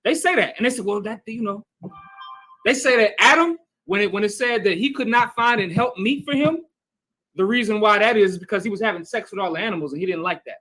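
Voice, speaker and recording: A man's voice: high-pitched, animated, quick pace, sharp tone, faint music behind, rough recording. A man teaching a bible class, talking conversationally and often checking in with his listeners. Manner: conversational, keeps checking with "right?" and calling on readers. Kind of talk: scripture teaching.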